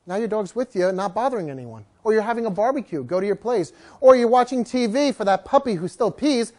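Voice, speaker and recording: Animated man teaching a dog class. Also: sits high, fast. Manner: animated storytelling, jokes with the audience. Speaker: dog trainer. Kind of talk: lively class talk to a live audience.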